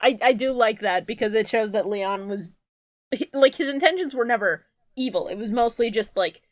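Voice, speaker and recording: A woman's voice: a little high, normal speed, no room sound. A woman co-hosting a casual comedy podcast, swearing freely and laughing through her riffs. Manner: laughing, profane, riffs in silly voices. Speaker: podcast co-host.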